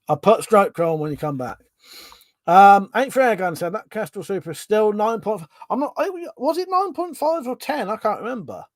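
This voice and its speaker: A man's voice: high voice, big pitch swings, normal speed, no echo, studio quality. A man, hosting a casual livestream, reading out viewer comments, swearing freely and laughing often. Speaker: livestream host.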